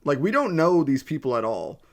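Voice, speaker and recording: A man's voice: a little high, fairly quick. Incredulous man ranting about a film. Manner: animated, incredulous, swears casually. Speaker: podcast co-host. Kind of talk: casual film-review chat.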